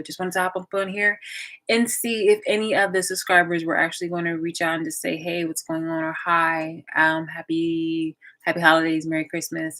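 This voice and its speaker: A woman's voice: deep voice, fairly bright tone, rough recording. A young woman chatting casually on a live stream, rambling with many fillers and restarts. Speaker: vlogger waiting for live chat.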